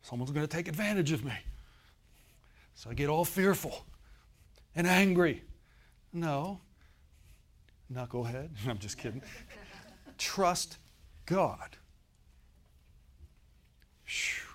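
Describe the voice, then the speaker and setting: Pausing often and speaking slowly, a man with a higher-pitched voice preaches an animated, folksy sermon straight to the congregation. He veers from loud emphatic outbursts to soft murmured asides.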